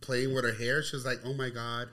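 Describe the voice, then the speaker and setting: A man's voice: medium pitch, little pitch movement, fairly quick, pushed and bright. A man co-hosting a podcast, telling laid-back stories and swearing freely in casual chat. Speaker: podcast co-host.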